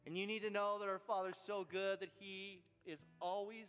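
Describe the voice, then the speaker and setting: Earnest high-voiced male pastor preaching. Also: flat delivery, moderate pace, fairly bright tone, clear, resonant tone, long reverb tail, muffled recording, faint music behind. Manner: storytelling, earnest, addresses fathers directly. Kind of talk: sermon.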